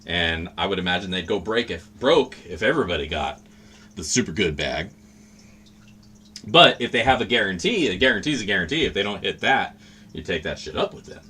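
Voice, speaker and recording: A man's voice: deep voice, expressive, brisk, bright, forceful tone, husky. A man hosting a livestream, chatting casually in a rambling, profane, laid-back way. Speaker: livestream host.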